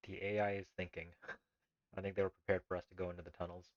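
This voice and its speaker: A man's voice: sits low, flat delivery, quick pace, dry recording, highs cut off. A man streaming a text adventure live, reading the game's text aloud and making rambling, laughing asides.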